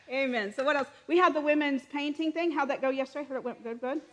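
A woman's voice: sits high, quick pace, hardly any pauses. Chatty woman leading church announcements. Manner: warm, chatty, frequent amens. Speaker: church leader. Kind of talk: church service announcements and prayer.

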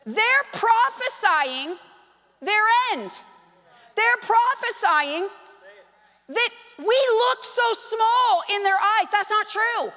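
High-voiced woman preaching in a reverberant hall. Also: extremely slow. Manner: animated, conversational preaching with bursts of emphasis. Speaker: pastor. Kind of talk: sermon. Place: church sanctuary. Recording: long reverb of a large hall.

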